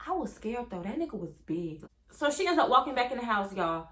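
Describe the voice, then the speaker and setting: Animated high-voiced young woman storyteller. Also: a little fast, echoey room. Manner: animated, profane storytelling, addresses viewers as y'all. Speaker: hairstylist. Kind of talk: storytime vlog.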